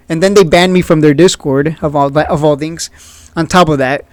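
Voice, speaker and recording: A man's voice: fairly high pitch, fairly even intonation, brisk, no echo. Blunt, opinionated man with a dry close mic. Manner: blunt, opinionated, sarcastic, often laughs at critics. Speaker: stock market video host. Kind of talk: casual trading commentary.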